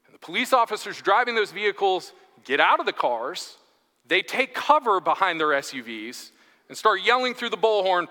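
A man in his thirties preaches in a chatty, self-deprecating way, spinning a funny story for his congregation. His voice sits a little high and rings bright and lively. It carries a long echo through a church hall. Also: moderate pace. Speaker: guest preacher. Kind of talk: humorous sermon storytelling. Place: church sanctuary.

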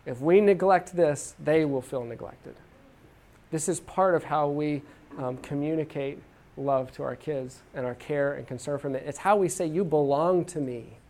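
A man's voice: fairly high pitch, moderate pace, darkish tone. A man from Texas teaching a church parenting class in an earnest, folksy way, with many restarts as he tells stories. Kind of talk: conversational teaching talk with stories.

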